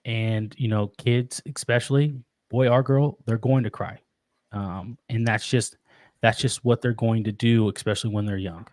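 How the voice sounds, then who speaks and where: A man talking as a podcast guest about being a father, earnest and reflective, often pausing and restarting his sentences. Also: lowish voice, steady tone, a little mellow, dry recording. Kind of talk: casual interview.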